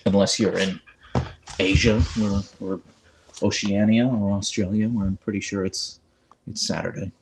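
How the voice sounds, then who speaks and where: Streaming from his phone with a clip-on mic, a man hosts a casual livestream, chatting and reading viewer comments aloud. His creaky voice is fairly low with fairly even intonation and a moderate pace. Slight background noise can be heard.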